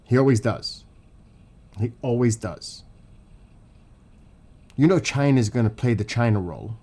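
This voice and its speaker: A man from New York with the accent to match, livestreaming political commentary straight to his chat. He rants with raw emotion and frequent swearing, sounding fired up and blunt. His voice sits at an everyday middle pitch for a man. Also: expressive, unhurried, a little mellow, breathy edge. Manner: angry, profane, emotional ranting. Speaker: livestream host.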